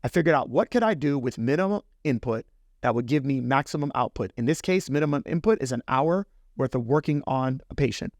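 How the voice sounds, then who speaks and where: A man's voice: mid-range voice, lively intonation, brisk, darkish tone, no room sound, clean studio sound. A middle-aged man hosting a business talk, telling a personal story in a casual, conversational way and speaking straight to the listener. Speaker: podcast host.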